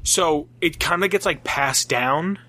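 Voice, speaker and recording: A man's voice: a little high, slow pace, sharp tone. Rambling, profane young man. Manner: rambling, filler-heavy, profane. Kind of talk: casual chat.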